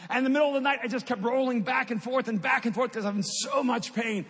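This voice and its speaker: High-voiced man telling his testimony. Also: fast, a bit bright, breathy edge. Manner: storytelling, rising to impassioned at climaxes. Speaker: speaker giving a testimony. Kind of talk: personal testimony talk. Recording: long hall reverb.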